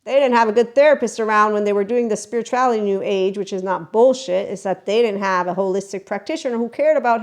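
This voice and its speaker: A woman's voice: medium pitch, fast, hardly any pauses. Rambling, chatty woman podcast host. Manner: rambling and chatty, jumping between tangents, laughing often. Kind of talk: casual spiritual self-help monologue.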